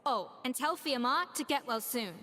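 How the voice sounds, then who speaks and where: A stern, commanding head chef. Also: female voice, high voice, animated, moderate pace, bright, forceful tone. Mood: gruff. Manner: curt, commanding. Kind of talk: video game voice acting. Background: faint game music.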